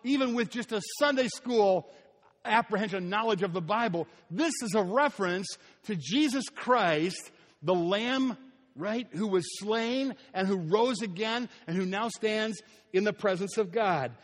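A high-voiced man preaches a sermon in a church. He is animated, acting out the story and sometimes falling almost silent. His voice rings with long reverb through a large hall. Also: a little slow. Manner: animated preaching, acting out scenes and dropping to a near whisper. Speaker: pastor.

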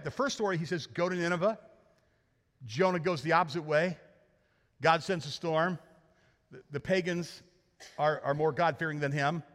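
Animated preaching man in a reverberant church. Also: on the high side. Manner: animated, joking, acts out characters. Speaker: pastor. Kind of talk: sermon. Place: church sanctuary. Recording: hall reverb.

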